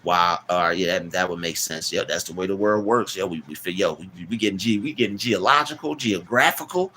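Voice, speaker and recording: A man hosting a casual live stream, rambling, repeating words and giving shout-outs to chat. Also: deep voice, a little fast, few pauses, a little hiss or hum.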